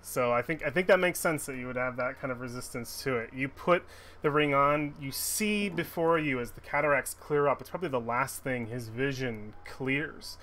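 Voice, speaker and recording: A man's voice: medium pitch, normal speed, sharp tone. A man narrating a tabletop game as game master, rambling with many restarts. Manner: rambling, full of restarts and fillers.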